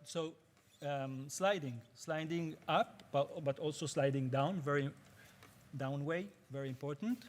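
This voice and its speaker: Male workshop teacher, slightly raised pitch, patient and halting, searching for English words. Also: slight background noise. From Israel. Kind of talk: spoken workshop lecture.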